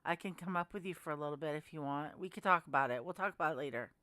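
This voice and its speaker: A woman's voice: low-pitched, very fast, fairly bright tone, no echo. A woman hosting a casual livestream, chatting with viewers in a rambling, friendly way. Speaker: livestream host. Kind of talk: casual livestream chat reading comments.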